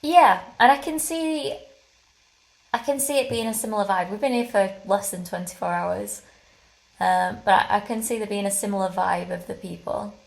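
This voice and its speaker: A woman co-hosting a podcast, chatty and quick to giggle in a casual travel chat. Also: mid-range voice, vocal fry. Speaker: podcast co-host.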